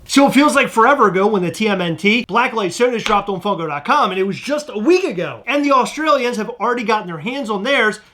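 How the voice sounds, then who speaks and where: A woman's voice: a little high, animated, quick pace, hardly any pauses, a bit bright. A woman co-hosting a podcast in casual, teasing banter. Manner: joking and teasing. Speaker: podcast co-host.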